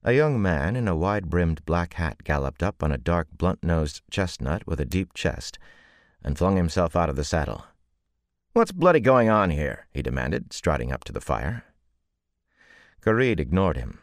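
A man reading a novel aloud as a measured audiobook narrator. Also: animated, dry recording, studio quality. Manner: measured, deep-voiced reading with voiced characters. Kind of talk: scripted narration.

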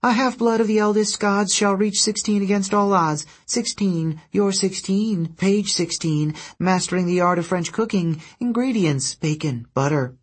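A man voicing a skittish, twitchy female harpy who blurts odd fragments and stutters. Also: breathy edge. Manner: blurts rapid fragments, stutters, high and jittery.

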